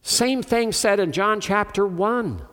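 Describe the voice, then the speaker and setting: A man's voice: high-pitched, expressive, takes it slowly, fairly bright tone, clean tone. An older man preaching a sermon emphatically, asking his listeners questions and calling on them. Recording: long hall reverb.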